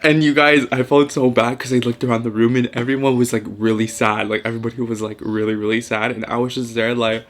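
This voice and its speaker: A man's voice: medium pitch, level tone, quick pace, few pauses, fairly bright tone. A young man in his twenties, a vlogger telling a story casually and animatedly, swearing often and mixing in Spanish words.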